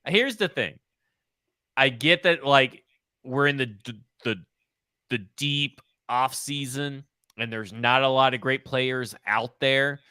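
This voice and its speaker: A man's voice: mid-range voice, takes it slowly, bright, forceful tone, clear, resonant tone, no room sound, clean studio sound. A man hosting a casual sports podcast, joking and blunt, swearing freely as he talks about football. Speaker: podcast host.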